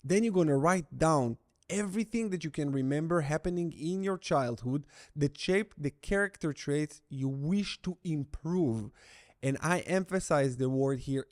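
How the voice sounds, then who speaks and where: Blunt and emphatic, this middle-aged breakup-recovery coach talks straight to camera, hammering home his main points by saying them again. He speaks on the high side at a measured pace.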